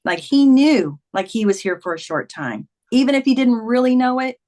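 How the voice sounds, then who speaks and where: A woman's voice: fairly high pitch, normal speed. Earnest woman telling a personal story. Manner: earnest, animated retelling with quoted dialogue. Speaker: guest, memoir author. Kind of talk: conversational storytelling.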